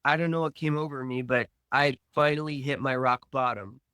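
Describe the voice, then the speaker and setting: A man speaks at an unhurried pace, earnestly recounting a personal story and voicing the lines of the people in it. His voice sits at an ordinary middle pitch, recorded close and dry with no room sound. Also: steady tone, bright, forceful tone, clear, resonant tone, dry recording. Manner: earnest, slow storytelling with reenacted dialogue. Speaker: podcast guest.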